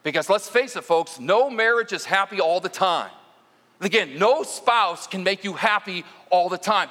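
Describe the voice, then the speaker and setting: A man's voice: sits high, fairly bright tone, big-room sound. A man preaching as lead minister, mixing stories with direct talk to the congregation in a conversational sermon.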